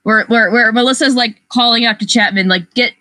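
A woman's voice: fairly high pitch, brisk, sharp tone, dry recording, poor audio. Woman, casual book-club talker, chatty and rambling, dry close sound. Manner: chatty, restarts often, acts out quotes. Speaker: book club podcast member. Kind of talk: casual discussion.

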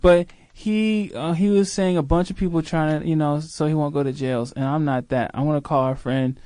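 A man's voice: on the high side, steady tone, normal speed, warm tone, clear, resonant tone, no echo. A man, co-hosting a casual podcast with playful, mock-naive questions. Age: 40s. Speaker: podcast co-host. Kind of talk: casual comedic chat.

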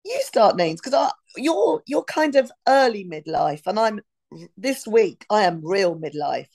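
A woman's voice: mid-range voice, big pitch swings, measured pace, a little mellow. A woman in her fifties co-hosting a podcast in casual chat, rambling and losing her thread mid-sentence. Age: 50s. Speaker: podcast co-host.

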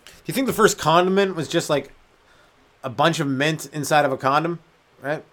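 A young Canadian man, a stand-up comedian, hosts a comedy podcast by himself, rambling through crude jokes and laughing at his own lines in a solo comedic rant. His voice is a little high and fairly bright, at a normal speed.

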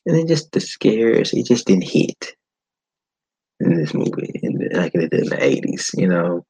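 A man hosting a podcast, giving a blunt, animated movie-review monologue with frequent swearing. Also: low-pitched, normal speed, husky, dry recording, poor audio. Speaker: podcast host.

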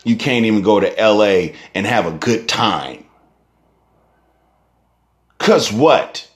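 A man's voice: on the low side, lively intonation, slow. A young man, a rapper delivering a heated, profane ranting monologue full of rhetorical questions. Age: young adult.

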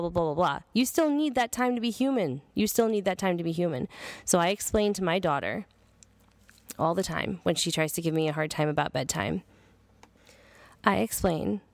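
A woman's voice: fairly low pitch, no echo. A woman in her thirties hosting a podcast monologue, blunt, earnest and freely profane. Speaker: podcast host. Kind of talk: casual monologue.

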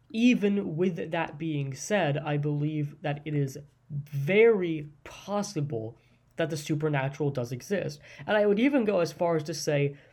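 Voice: medium pitch, a little mellow. A podcast host talking alone in a casual monologue, thinking aloud with hedges, restarts and a stream of fillers. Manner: rambling, hesitant, frequent restarts and fillers; thinks aloud, hedging and musing.

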